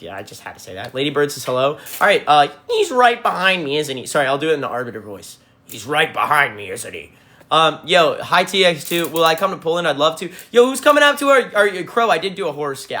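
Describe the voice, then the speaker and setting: A man's voice: a little high, bright, forceful tone. A man, a band frontman, answering viewers in a livestream Q&A, talking bluntly with lots of swearing and rambling restarts. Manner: blunt, profane and emphatic. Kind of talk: livestream Q&A chat. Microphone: phone livestream mic.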